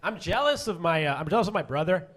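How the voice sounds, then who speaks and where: A man doing a stand-up comedy set, self-deprecating and halting, with many fillers and restarts. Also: high-pitched, big pitch swings, fairly bright tone. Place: comedy stage before a live audience.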